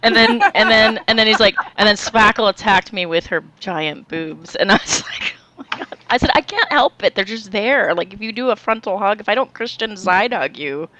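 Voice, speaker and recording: A woman's voice: medium pitch, expressive, normal speed, pushed and bright, low-quality recording. A woman in her forties telling a story in a casual group voice chat, chatty and giggly. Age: 40s.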